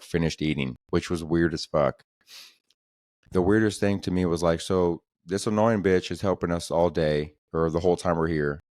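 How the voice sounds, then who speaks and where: A man's voice: low voice, a little mellow, no room sound, studio quality. A man hosting a podcast, telling comedic stories in a casual, profane, slangy way that keeps coming back to "dude". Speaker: podcast host.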